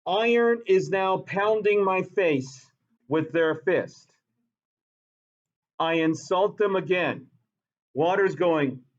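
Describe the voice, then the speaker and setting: A man's voice: high voice, slow pace, muffled recording. A man teaching a science class who repeats key points and quizzes his students. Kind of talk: classroom lecture.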